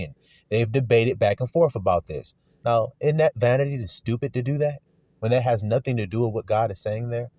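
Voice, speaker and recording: A man's voice: medium pitch, a little fast, warm tone, no echo. A man preaching a sermon to his flock, asking pointed rhetorical questions in an earnest manner. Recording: dull lo-fi recording.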